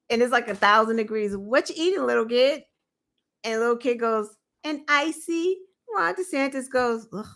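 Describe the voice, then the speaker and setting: A woman host giving opinionated political commentary, indignant and animated, with mocking asides. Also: fairly high pitch.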